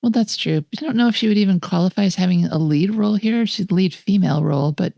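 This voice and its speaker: A woman's voice: medium pitch, fast, vocal fry, warm tone, dry recording, studio quality. A woman co-hosting a film podcast, talking in an enthusiastic, opinionated way and laughing often. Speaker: podcast co-host. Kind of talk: casual film review chat.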